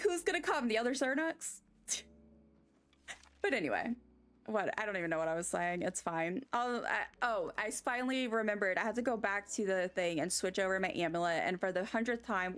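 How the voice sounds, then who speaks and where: A woman streaming a game, chatting casually with her viewers and getting excited over her wins. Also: on the high side. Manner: chatty and excitable, squealing with delight. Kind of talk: casual live-stream chat while gaming.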